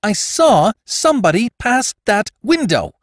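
A man's voice: sits high, very animated, unhurried, dry recording, studio quality, voice pushed up, heavily acted. A man voicing an anxious, indignant older aunt in a storybook reading. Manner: pleading, indignant questions. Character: anxious older aunt, gray-haired woman.

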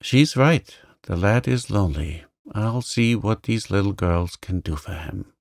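A man voicing a gruff, stern old gentleman who is kind underneath, speaking abruptly in short sharp questions. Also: on the low side, lively intonation, measured pace, dry recording, studio quality. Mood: brusque.

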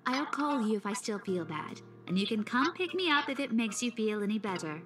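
A gentle British teacher. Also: female voice, on the high side, big pitch swings, fairly quick. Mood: reassuring. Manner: gentle, reassuring, fussing. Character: caring, stubborn young woman teacher, unwell. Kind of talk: game dialogue. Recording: roomy game audio over music.

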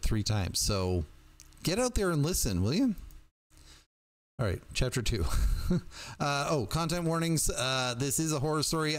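A man reading a book aloud to his stream audience in a casual, chatty way. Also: mid-range voice.

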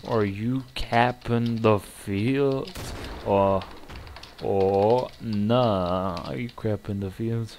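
A man giving live gameplay commentary, muttering and cursing with sudden excited outbursts. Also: fairly low pitch, drawn-out words, slight background noise. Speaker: gamer.

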